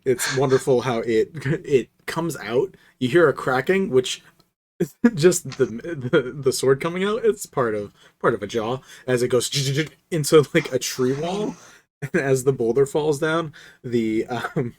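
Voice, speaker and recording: A man's voice: mid-range voice, lively intonation, a little slow, a little mellow. Male game master, mid-range voice, chuckles through his descriptions. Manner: laughs often while describing. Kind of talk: narrating a tabletop game.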